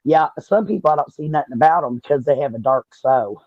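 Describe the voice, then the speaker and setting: A woman's voice: low-pitched, animated, brisk, muffled recording, slight background noise. A woman from Southern Indiana with a Southern US accent, co-hosting a casual talk show with chatty, folksy storytelling. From Southern Indiana, USA. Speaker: podcast co-host. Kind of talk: casual chat.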